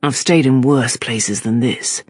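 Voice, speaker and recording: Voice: mid-range voice, measured pace, darkish tone, no room sound, pitched below the performer's own voice, close to an everyday voice. A narrator voicing a surly young male criminal in an audiobook, muttering and sneering. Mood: sullen.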